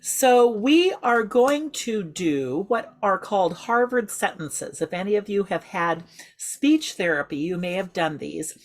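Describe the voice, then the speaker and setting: Slow, patient woman leading a voice class. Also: medium pitch, lively intonation. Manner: patient, instructive, speaks in measured rhythm. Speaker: group voice and singing leader. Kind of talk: slow guided voice exercise class.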